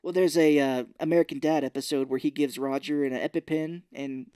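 A man's voice: fairly high pitch, steady tone, brisk, warm tone, clear, resonant tone, no echo, studio quality. Jokey podcast man recapping a film. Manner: jokey, acts out characters in silly voices, swears freely. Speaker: podcast co-host. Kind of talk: casual movie recap chat.

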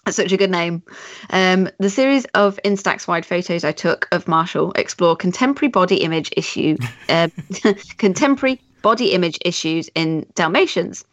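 A woman's voice: on the low side, normal speed, no echo, muffled recording. A woman co-hosting a casual photography podcast, reading listener emails aloud with amused asides and frequent laughs.

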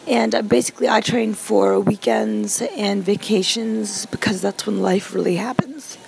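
Gravelly rambling woman telling a story. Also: mid-range voice, fairly even intonation, measured pace, darkish tone, a little hiss or hum, low-quality recording. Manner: rambling, with many fillers and asides. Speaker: stroke survivor telling her story. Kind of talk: casual personal storytelling.

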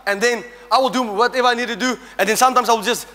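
High bright-voiced preacher in a reverberant hall. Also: male voice, very fast. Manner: animated, humorous, shouting at peaks, call-and-response. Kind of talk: sermon. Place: church hall.

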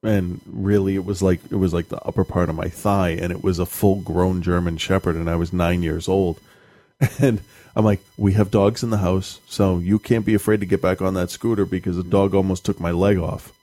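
A man's voice: low-pitched, flat delivery, moderate pace, dark tone, no room sound. A man in his thirties talking casually as a podcast co-host and father, blunt and swearing, laughing at himself. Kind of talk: casual chat.

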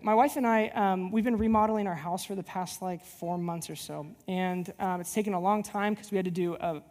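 Animated preacher in a reverberant hall. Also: male voice, high voice. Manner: animated, rambling storyteller with many restarts. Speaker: church-planting pastor. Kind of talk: sermon with a personal story.

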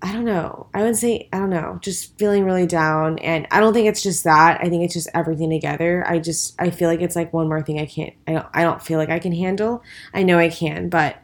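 A woman's voice: on the low side, steady tone, fairly quick, hardly any pauses. A tired, stressed woman co-hosting a casual podcast, talking in a rambling, hesitant way with lots of fillers. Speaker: podcast co-host. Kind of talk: casual chat.

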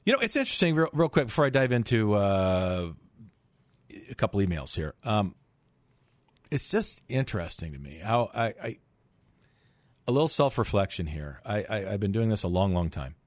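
A man's voice: fairly low pitch, sing-song, normal speed, pauses often, no echo. A middle-aged man hosting a finance radio show in a studio, talking emphatically with rhetorical questions and stumbling repeats. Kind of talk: call-in radio talk monologue.

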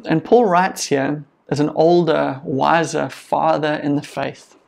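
Gravelly-voiced male pastor preaching. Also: a little high, steady tone, takes it slowly, darkish tone. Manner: earnest and encouraging, with conversational asides. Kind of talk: sermon.

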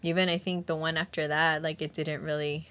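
A woman's voice: deep voice, little pitch movement, fairly quick, fairly bright tone. A young woman in casual conversation, telling a sad personal story in a rambling way with lots of fillers and acted-out quotes. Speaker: guest sharing a personal story. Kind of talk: casual chat.

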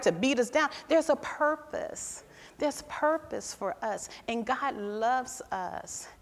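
A middle-aged woman preaches in a church hall, her somewhat high voice trailing off into a long reverb. She moves from forceful, emphatic lines to soft, hushed ones as she tells her story. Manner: emphatic, swings between loud and hushed. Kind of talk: sermon with personal testimony.

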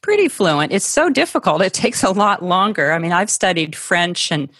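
A middle-aged woman from Ohio speaks in a slightly low, thoughtful voice as a conversational interview guest. She pauses and restarts now and then, laughing lightly. The sound is close and dry, with no room echo. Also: expressive, fairly bright tone. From Ohio, USA.

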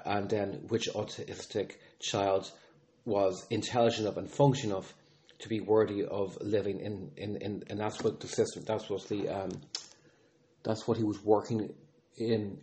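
A man speaking as a podcast host and father in an earnest, reflective monologue, often pausing, restarting and using fillers. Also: on the low side, level tone, darkish tone, a little hiss or hum.

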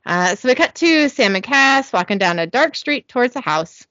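Chatty woman recapping, lively voice. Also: fairly high pitch, normal speed, no echo. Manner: chatty, self-correcting, giggly. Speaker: podcast host recapping. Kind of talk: casual recap. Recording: dull lo-fi, dry.

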